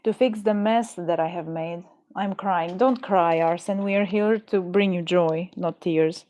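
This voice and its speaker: A woman's voice: on the low side, measured pace, mellow, muffled recording. A woman streamer chatting casually and jokingly with her viewers, rambling and tripping over words. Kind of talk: casual live-stream chat. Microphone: headset or desk mic.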